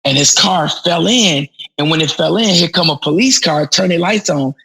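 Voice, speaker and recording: Gravelly, animated man. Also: on the high side, moderate pace, rough recording. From Chicago. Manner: animated, slangy, frequent restarts. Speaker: podcast guest. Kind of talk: casual storytelling.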